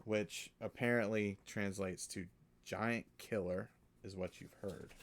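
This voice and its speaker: A man running a tabletop game as game master, describing the scene in a slow, halting way. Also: lowish voice, fairly even intonation.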